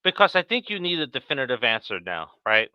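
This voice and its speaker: Smooth-voiced man on a dull line. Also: mid-range voice, a little fast, no echo. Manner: steady, reads out viewer comments, agreeable. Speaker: podcast co-host. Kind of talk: casual fan discussion.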